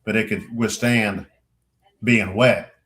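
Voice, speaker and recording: Animated man telling loud, profane stories. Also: lowish voice, slow. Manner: animated storyteller, acts out quotes loudly, swears freely. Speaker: podcast co-host, veteran. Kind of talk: casual storytelling chat.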